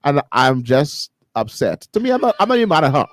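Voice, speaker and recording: A man's voice: fairly high pitch, very animated, a little fast. A man co-hosting a morning radio talk show, chatting casually and laughing often. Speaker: radio co-host.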